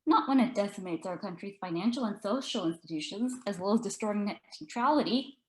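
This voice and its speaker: A woman's voice: medium pitch, lively intonation, brisk, darkish tone, close to an everyday voice. A woman voicing a brash, sardonic female TV host, speaking in a mocking, theatrical way in an echoey room.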